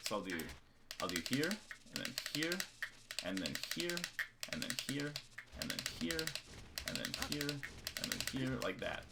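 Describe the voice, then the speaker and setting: A man giving a relaxed, chatty game lesson on a live stream, counting out long and short beats as he demonstrates. His voice sits at an ordinary middle pitch. Steady keyboard clicks and typing sound clearly behind him. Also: very noisy. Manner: casual, repetitive counting out rhythms. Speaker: coach.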